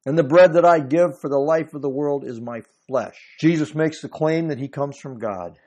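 This preacher alternates between reading scripture aloud and explaining it. He has a mellow, warm voice pitched a bit higher than most men's, and he leans hard on key phrases with emphatic swells.

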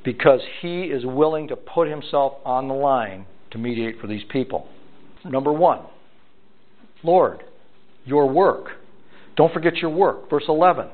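A man teaching a Bible passage verse by verse, reading aloud and voicing its characters in an animated way, often repeating himself. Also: medium pitch, unhurried. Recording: tinny phone-like recording.

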